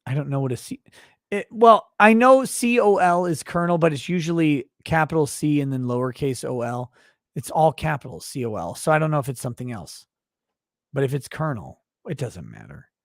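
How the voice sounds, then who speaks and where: A man's voice: a little high, lively intonation, fairly quick, dry recording, clean studio sound. A man hosting a casual livestream, reading viewer messages aloud in a blunt, emphatic way. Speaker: livestream host.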